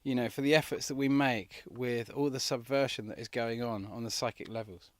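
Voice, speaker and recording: A man's voice: medium pitch, fairly even intonation, brisk, dry recording. A man telling a rambling personal story in an earnest way, often restarting his sentences.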